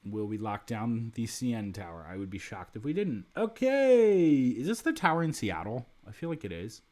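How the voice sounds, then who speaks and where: A man's voice: mid-range voice, very animated, moderate pace, a little mellow. Man casually thinking aloud over a game. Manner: thinks aloud with frequent restarts and asides. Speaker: let's play host. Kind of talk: casual video game commentary.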